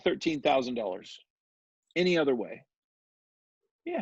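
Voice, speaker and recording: A male real estate developer, the guest on an interview, telling a story in a chatty, animated way and often checking in with "right?" The recording is dull and lo-fi. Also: mid-range voice, fairly quick, gravelly, slightly rough, no room sound.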